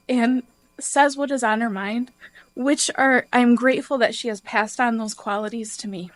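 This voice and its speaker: A woman's voice: on the high side, steady tone, normal speed, no room sound. A woman from the congregation reads a prepared personal tribute from the front of the church, earnest and emotional. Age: adult. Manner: earnest, emotional, tearful at times. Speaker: congregation member giving a tribute. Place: church sanctuary.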